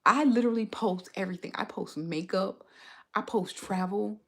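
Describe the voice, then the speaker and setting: This young woman, a food and travel content creator, is chatting casually during a live stream. Her voice sits at medium pitch with a moderate pace, and she rambles through stories, often restarting.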